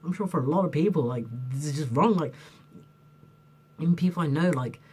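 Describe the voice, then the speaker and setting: A young man with a husky, slightly breathy voice delivers an unscripted rant to camera. He rambles and restarts, gets heated, swears freely and leans on "like" constantly. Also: a little high, a little fast, a little mellow. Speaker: vlogger.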